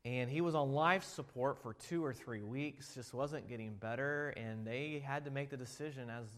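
A man preaching a sermon as pastor, shifting between loud emphatic passages and quiet storytelling. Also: medium pitch, normal speed. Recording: long hall reverb.

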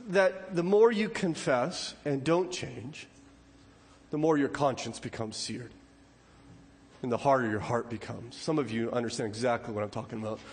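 A man preaching a sermon as pastor, swinging between loud urgent warnings and quiet pleading. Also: mid-range voice, normal speed.

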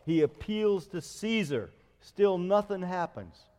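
A middle-aged man preaching a sermon as a pastor, telling stories with lively acted-out quotes. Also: high-pitched, slow, big-room sound. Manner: storytelling, animated retelling with acted quotes.

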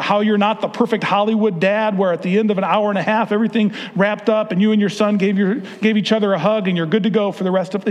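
A man giving an earnest, conversational talk to fathers, sermon style, with frequent restarts. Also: high voice. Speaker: speaker addressing fathers. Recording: long hall reverb.

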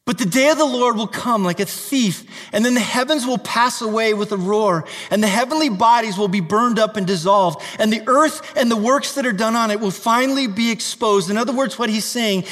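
A male pastor preaches with fervor, reading scripture aloud and urging his listeners. His voice sits very high for a man. The recording carries a long, echoing reverb, as in a large hall. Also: moderate pace, hardly any pauses, a bit bright. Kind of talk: sermon.

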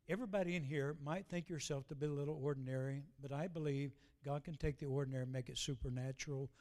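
Preacher guy, high voice, folksy and chatty, slows way down for the bible bits. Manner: folksy storytelling, slows to read scripture aloud. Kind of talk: sermon.

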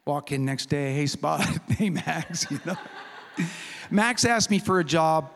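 A man preaching a sermon as a humorous, animated storyteller who acts out the people in his story. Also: fairly high pitch, slow, vocal fry. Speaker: pastor. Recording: reverberant hall recording.

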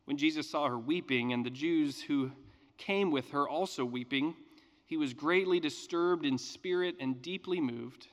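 Earnest preacher with a higher voice. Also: male voice, measured pace, big-room sound. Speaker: pastor. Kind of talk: scripture reading and sermon.

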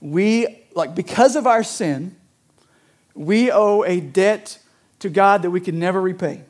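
A man's voice: high voice, a little slow, a little mellow. A man preaching a sermon in a conversational way, often checking in with "right?" as he explains a parable. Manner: conversational, frequent "right?" asides. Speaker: pastor.

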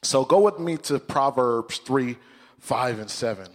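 A man preaching as a pastor, emotional and excitable. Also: medium pitch, a little slow, in a large hall. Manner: emotional, excitable, laughs often. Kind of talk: sermon.

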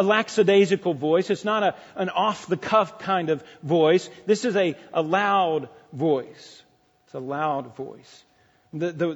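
A man's voice: on the high side, husky. A man preaching an expository sermon as pastor, with emphatic rises and many restarts. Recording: dull lo-fi recording in a reverberant hall.

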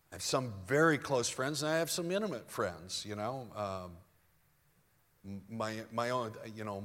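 Pastor, male, 60s; mid-pitched, chatty sermon delivery with restarts, soft-to-emphatic swings; long hall reverb.

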